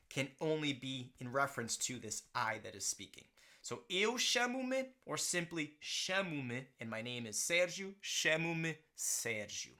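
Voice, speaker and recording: A man's voice: medium pitch, bright, forceful tone. A man teaching a language lesson, explaining grammar and often checking in with "right?" and "okay". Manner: slows down to model pronunciation.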